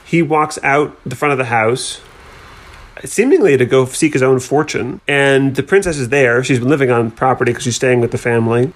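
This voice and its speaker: A man's voice: medium pitch, moderate pace. Chatty, wry man discussing a film. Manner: chatty, wry, many filler likes. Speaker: podcast co-host.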